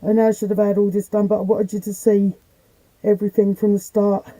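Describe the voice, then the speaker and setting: A woman's voice: mid-range voice, level tone, brisk, mellow, poor audio. A woman chatting bluntly and casually on a live stream from the attic of an old house as a paranormal investigator.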